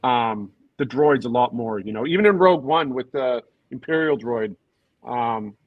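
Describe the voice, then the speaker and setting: A man co-hosting a fan podcast in casual chat, thinking aloud with many pauses and trailing sentences. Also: mid-range voice, lively intonation, no room sound, phone-quality sound. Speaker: podcast co-host.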